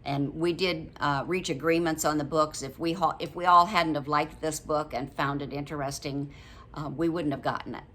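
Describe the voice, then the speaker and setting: A woman in her late seventies, a vlogger, chats casually to camera about a book she's reviewing. Her deep voice is fairly bright, with fairly even intonation and a moderate pace, and she rambles a little with lots of ums and frequent laughs.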